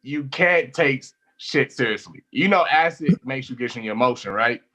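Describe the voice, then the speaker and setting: Bright-voiced young man telling stories. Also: medium pitch, moderate pace. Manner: animated, laughs often, swears freely. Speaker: comedian guest. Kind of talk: casual storytelling chat.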